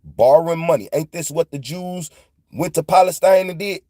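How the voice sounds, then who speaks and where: A man's voice: fairly high pitch, moderate pace, mellow, no room sound, clean studio sound. A man, telling a loose, profane story in a casual monologue and retelling dialogue in quotes. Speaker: podcast host.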